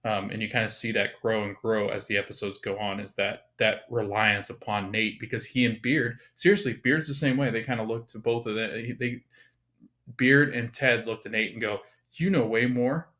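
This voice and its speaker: Man, podcast co-host, casual chat, relaxed manner, slightly low pitch. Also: moderate pace. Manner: easygoing, fillers, soft-spoken.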